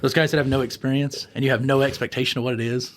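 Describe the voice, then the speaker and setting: Fast-talking man telling animated stories. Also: medium pitch, a little hiss or hum. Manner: animated storyteller, acts out voices. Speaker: podcast guest. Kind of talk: casual storytelling.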